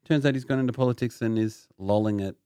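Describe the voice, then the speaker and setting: Male podcast host, low voice, playful quizmaster energy. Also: quick pace, dark tone, clean tone, no echo. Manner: playful, quizzing his co-hosts. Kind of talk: casual chat.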